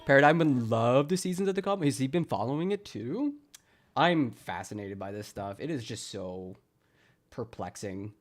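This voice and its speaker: A man's voice: mid-range voice, animated, normal speed. A man from Wisconsin livestreaming, joking sarcastically, laughing a lot and chatting with his viewers. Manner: jokey, sarcastic, laughs often, chats with viewers. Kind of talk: casual livestream commentary.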